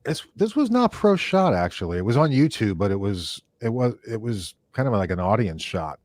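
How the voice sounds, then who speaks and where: A man's voice: on the low side, big pitch swings, moderate pace, darkish tone. A man hosting an interview, asking casual follow-up questions with short reactions. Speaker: podcast host.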